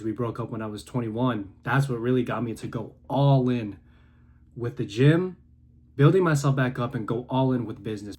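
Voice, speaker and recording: Young man, twenties, middle pitch, intense preachy tone, quiet to loud swings, talking to camera in his room. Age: 20s. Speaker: content creator. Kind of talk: passionate motivational monologue.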